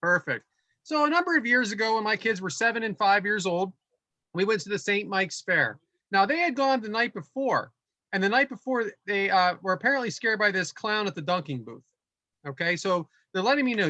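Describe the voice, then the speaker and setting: Podcast co-host, middle-aged man, bright tone, lively storyteller. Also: high-pitched, brisk, no room sound, dull audio. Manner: animated, building anecdote with voiced quotes. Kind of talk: casual storytelling.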